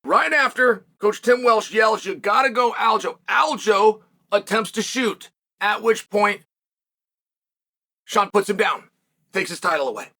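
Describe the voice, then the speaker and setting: Hosting his solo sports commentary show, this combat sports commentator sounds high-pitched and animated, yet takes it slowly with long pauses, his voice pushed and bright. He talks emphatically, asks rhetorical questions, and at times gets loud.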